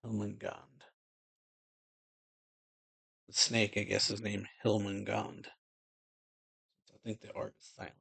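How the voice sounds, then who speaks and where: A man's voice: on the low side, monotone, slow, vocal fry, long pauses, sharp tone, slightly rough, dry recording. A man reading comic dialogue aloud in a casual, plain way, chuckling often between lines. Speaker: reaction channel host.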